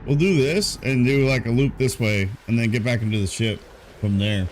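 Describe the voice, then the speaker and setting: A drowsy man talks through his game on a live stream, relaxed and thinking aloud between yawns. His voice sits at an everyday middle pitch. A faint hum runs underneath. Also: normal speed. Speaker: gaming streamer. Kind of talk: casual live gameplay commentary. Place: warm room at home.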